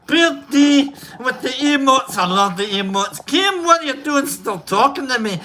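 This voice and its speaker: Bright profane woman streamer. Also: sits high, lively intonation, unhurried, slight background noise. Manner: rambling, profane, jokey, greeting chat by name. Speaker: livestream host. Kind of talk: casual livestream chat.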